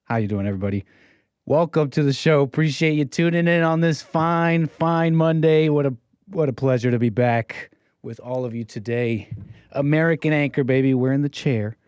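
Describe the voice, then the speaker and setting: A man's voice: medium pitch, moderate pace, a little mellow, clean tone, no room sound. A man hosting a call-in livestream show, talking in a brash, rambling way with playful catchphrases. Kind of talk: casual livestream monologue.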